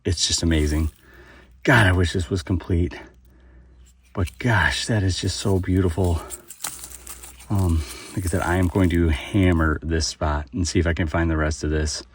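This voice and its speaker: A man's voice: low voice, fairly even intonation, normal speed, long pauses, slightly rough, recorded from a distance. A man hosting a metal detecting vlog outdoors at a dig site, talking with lots of fillers and exclamations as he digs. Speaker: metal detecting channel host.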